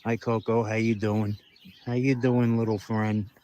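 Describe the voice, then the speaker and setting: A man's voice: lowish voice, level tone, measured pace, dark tone, no room sound. A man talking casually outdoors by a garden grave, trading profane insults and taunts.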